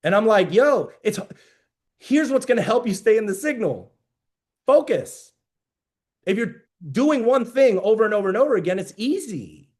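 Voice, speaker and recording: A man's voice: sits high, big pitch swings, moderate pace, a little mellow. Emphatic man coaching a business group. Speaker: business mentor. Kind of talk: motivational mastermind talk.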